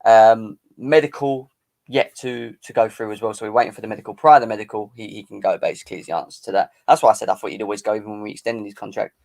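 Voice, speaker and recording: A man's voice: on the low side, steady tone, quick pace, creaky, a little mellow. Boisterous man hosting a fan stream. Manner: boisterous, teasing banter, chanting. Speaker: fan channel live-stream host. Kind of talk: casual live-stream football chat.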